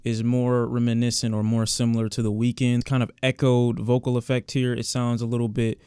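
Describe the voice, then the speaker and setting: A man's voice: mid-range voice, level tone, normal speed, dark tone, clear, resonant tone, dry recording, clean studio sound. A man giving casual reaction commentary as a music reviewer, candid and sometimes sarcastic toward the song.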